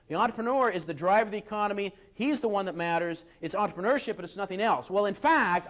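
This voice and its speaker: A man giving an economics lecture, talking in an animated way and checking in with his listeners through rhetorical tag questions. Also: high voice. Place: lecture at a seminar event.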